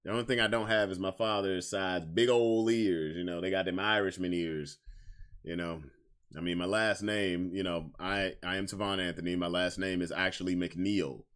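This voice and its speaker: A man's voice: low-pitched, fairly even intonation, normal speed, a bit bright, clear, resonant tone. A young man hosting a casual podcast stream, talking candidly in slang and repeating lines for emphasis. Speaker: podcast host. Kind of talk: casual livestream chat.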